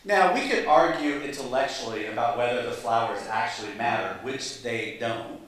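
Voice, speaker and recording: A man's voice: mid-range voice, moderate pace, a bit bright. A man, a pastor, telling a humorous story at a church meeting, self-deprecating and chuckling through asides. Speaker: pastor and guest speaker. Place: large meeting hall. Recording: very echoey hall.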